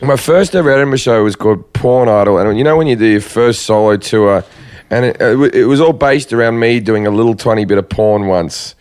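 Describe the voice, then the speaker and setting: Chatty comedian guest. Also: male voice, lowish voice, a little fast, darkish tone, clear, resonant tone. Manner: chatty, laughs often, breaks into quoted voices. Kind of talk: casual chat.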